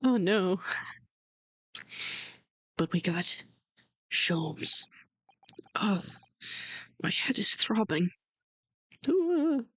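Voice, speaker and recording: A woman's voice: mid-range voice, very animated, drawn-out words, long pauses, a bit bright, no echo. A woman streamer giving playful, chatty commentary while playing a game. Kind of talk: let's play commentary.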